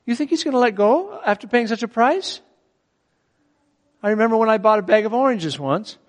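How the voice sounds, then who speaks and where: A man's voice: high-pitched, a little fast, in a large hall. A middle-aged man preaching a sermon in a conversational way, often asking his listeners questions. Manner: animated, conversational, asks the audience questions.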